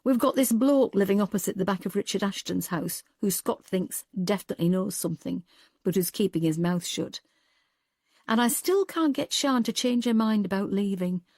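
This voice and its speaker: A woman's voice: medium pitch, animated, normal speed, a little mellow, no room sound, studio quality. Woman reading a weary, earnest woman detective. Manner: earnest, wry and a little tearful.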